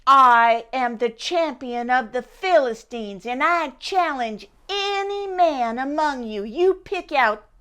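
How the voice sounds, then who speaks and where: A woman's voice: high voice, lively intonation, slow pace, hardly any pauses, a bit bright, clean tone, exaggerated voice. A woman voicing a boastful, menacing male giant warrior in a taunting, blustering way.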